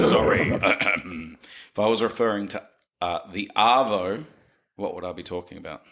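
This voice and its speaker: A man's voice: low-pitched, moderate pace, creaky, a bit bright. A laid-back man, quizzing others on slang in casual podcast banter. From Australia.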